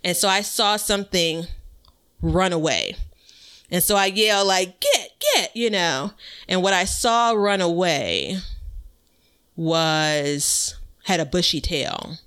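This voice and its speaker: A woman's voice: lowish voice, slow pace, pauses often, a bit bright, smooth. A woman co-hosting a podcast, telling a rambling story in casual chat and laughing often. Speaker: podcast co-host.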